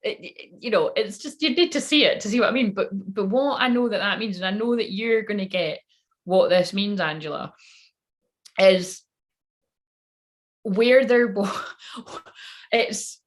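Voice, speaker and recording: A woman's voice: medium pitch, unhurried, pauses often. A woman who works as a spiritual channeler, rambling casually on a live stream, swearing freely and talking straight to her viewers.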